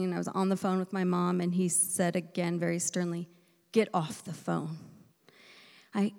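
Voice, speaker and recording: Woman preaching in a hall with gravelly edges. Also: fairly low pitch. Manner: emotional, shifting between loud emphasis and hushed near-whispers. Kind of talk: sermon with personal story. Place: church sanctuary. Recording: echoey hall reverb.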